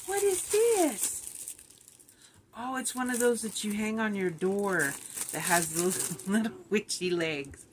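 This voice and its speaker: A woman's voice: medium pitch, measured pace, slight background noise. A middle-aged woman, chatting casually and rambling a little on her vlog while sounding tired and run down. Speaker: vlogger.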